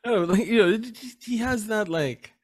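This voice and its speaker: A man's voice: sits high, moderate pace. A man co-hosting a casual panel podcast, talking hesitantly with lots of fillers and restarts. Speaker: podcast co-host.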